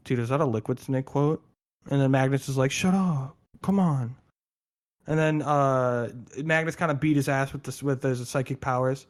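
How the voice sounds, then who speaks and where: A man in casual podcast chat, telling a story with lively, jokey quoted voices. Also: medium pitch, normal speed. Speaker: podcast co-host explaining lore.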